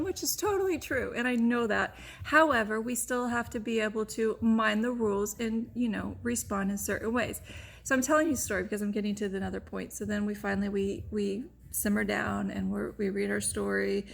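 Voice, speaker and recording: Gravelly-voiced woman telling a personal story. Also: mid-range voice, steady tone, normal speed. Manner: open, rambling, heavy use of "like" and "you know". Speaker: vlogger. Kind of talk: candid personal storytelling to camera.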